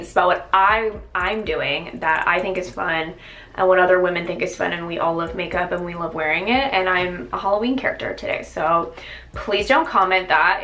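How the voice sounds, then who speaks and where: A woman with a lowish, fairly bright voice chats her way through a casual makeup tutorial as a beauty vlogger. She's exclamatory and uses many fillers, and the recording has a roomy echo.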